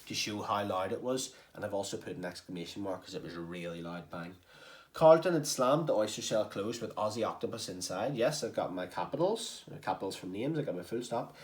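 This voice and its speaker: A man teaching a recorded writing lesson to young pupils, explaining step by step and encouraging them. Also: fairly low pitch. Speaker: primary school teacher. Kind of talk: recorded home-learning lesson.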